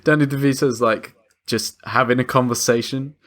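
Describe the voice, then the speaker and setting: A man's voice: medium pitch, fairly even intonation, moderate pace, fairly bright tone. A man co-hosting a film podcast, loose and sweary, laughing and quoting characters as he talks. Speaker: podcast co-host. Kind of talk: casual film-review chat.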